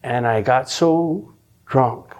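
A middle-aged man telling his personal faith testimony, earnest and emotional, often restarting his sentences and dropping from loud to hushed. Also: mid-range voice, drawn-out words. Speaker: testimony speaker.

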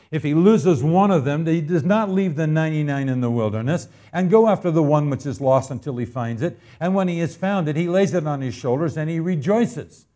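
A man from Arizona preaching in a church, his voice sitting a little high for a man. He moves from homespun storytelling into loud, emphatic appeals to the congregation. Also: expressive, moderate pace. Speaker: pastor. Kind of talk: sermon.

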